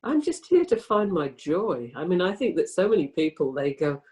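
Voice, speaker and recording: A woman's voice: on the low side, big pitch swings, normal speed, hardly any pauses, a little mellow, low-quality recording. A woman in her sixties, a guest speaking casually over a video call, frank and rambling, swearing freely. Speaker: interview guest.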